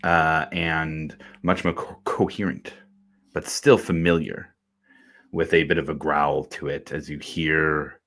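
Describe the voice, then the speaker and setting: A man narrating a tabletop game as game master in a relaxed, descriptive way. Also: extremely low pitch, slow pace.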